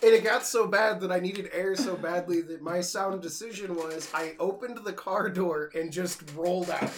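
A man's voice: high voice, moderate pace. A man guesting on a casual comedy podcast, telling a rambling, self-mocking story.

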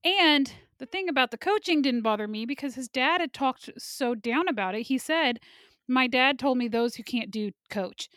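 This is a talkative woman reviewing movies with a friend, her opinions quick and candid. Her voice sits on the higher side and sounds close and dry, with no room around it. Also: lively intonation, a bit bright, no room sound. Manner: opinionated, chatty, laughs often. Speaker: podcast co-host. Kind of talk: casual movie review chat.

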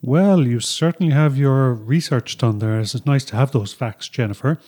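A man co-hosting a podcast, explaining things in a relaxed way with filler words. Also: mid-range voice, moderate pace. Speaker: podcast co-host. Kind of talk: explanatory conversational podcast talk. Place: home studio.

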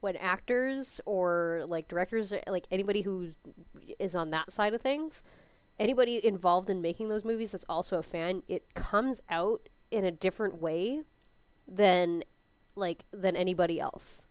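A young woman in a casual podcast chat, chatty and excitable, talking with lots of fillers. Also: medium pitch, normal speed, clean tone, dry recording. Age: young adult. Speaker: podcast co-host.

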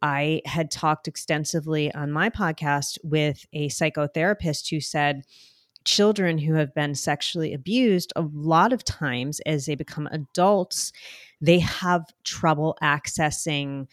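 A woman's voice: low-pitched, fairly even intonation, unhurried, no room sound, studio quality. A woman with a New Jersey accent, a podcast guest speaking openly and earnestly in a conversational interview.

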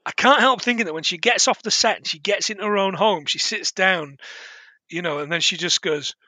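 A man's voice: sits high, a little fast, sharp tone, no room sound. A man chatting casually as a podcast co-host, rambling with frequent laughs and restarts. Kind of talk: casual film review chat.

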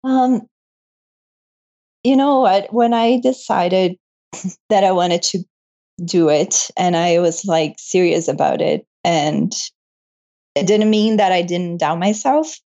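A young woman, a medical student who moved to Canada, speaks slowly in a fairly low, dark voice with long pauses. As a guest in a casual interview chat, she laughs a lot and tells heartfelt, emotional stories. The recording is muffled and lo-fi.

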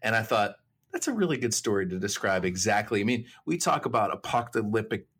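A man, guest on a Christian talk show, telling stories and personal testimony in an animated way, with many restarts. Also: on the low side, brisk, husky. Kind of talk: faith talk show storytelling.

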